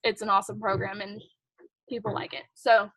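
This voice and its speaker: A woman's voice: mid-range voice, flat delivery, brisk, a bit bright, no room sound. A young woman, giving a chatty, emphatic motivational talk to her sales team, full of "like" and "um" and blunt pep. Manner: chatty, emphatic, says "like" and "um" a lot; blunt and pushy. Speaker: team leader at a sales kick-off meeting.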